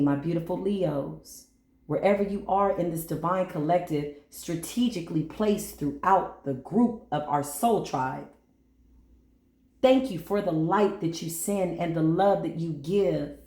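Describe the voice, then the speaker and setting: A woman giving an animated astrology and numerology reading, speaking straight to her listeners in a preachy way and acting out quoted voices. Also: fairly low pitch, reverberant. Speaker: spiritual reader.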